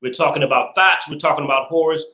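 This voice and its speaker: This man has a high, very bright and piercing voice that rings out in an echoey room. He hosts a live call-in stream in a preachy, opinionated way, stretching his points out slowly and laughing often. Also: fairly even intonation. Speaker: live show host.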